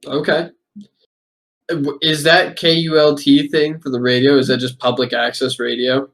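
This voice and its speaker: A man trades casual banter on a podcast, wry and teasing, firing off quick joking asides. His voice sits in a middle pitch and comes across plainly conversational. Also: little pitch movement, a bit bright. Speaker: podcast co-host. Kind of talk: casual chat.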